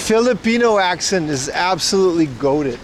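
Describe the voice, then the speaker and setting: Man, IRL streamer, slightly high voice, joking chatter to viewers, faint street noise. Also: expressive, moderate pace. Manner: chatty, joking, talks to chat. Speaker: livestreamer. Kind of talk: casual IRL stream chat. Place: outdoors on a street.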